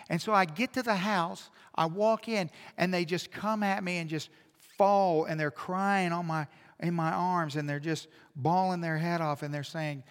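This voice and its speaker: A male pastor preaching a sermon in a church sanctuary, telling stories that fall to a hush and then build up loud. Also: a little high, normal speed. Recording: long reverb in a church hall.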